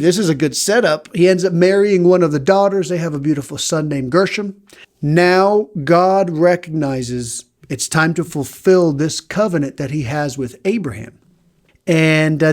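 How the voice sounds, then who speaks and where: A man's voice: a little high, darkish tone. A man hosting a podcast, retelling a Bible story in a loose, chatty way and acting out the characters' lines.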